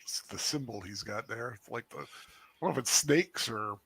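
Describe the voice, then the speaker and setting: A man co-hosting a casual watch-along commentary, making relaxed, thoughtful remarks. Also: mid-range voice, normal speed, vocal fry, husky. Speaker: co-host.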